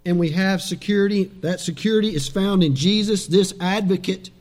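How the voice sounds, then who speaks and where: A man preaching a sermon as pastor, animated and dramatic, dropping suddenly soft for emphasis. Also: sits high, moderate pace.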